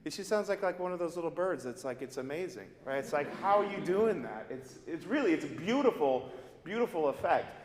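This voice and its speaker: A man with a fairly high speaking voice coaches a student in a master class, encouraging her and singing short phrases to show what he means. The sound is roomy, with a long reverb tail from the big hall and faint music underneath. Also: expressive, fairly quick, a little hiss or hum. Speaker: voice teacher leading a master class. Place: large resonant recital hall.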